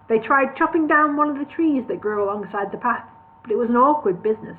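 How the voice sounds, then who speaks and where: A woman narrating a comic fantasy novel aloud, relaxed, with the odd slip and restart. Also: fairly high pitch, a little fast, a little hiss or hum. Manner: relaxed reading with slips and restarts. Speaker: reader of a parody novel. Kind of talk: storybook narration read live. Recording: tinny phone-like sound.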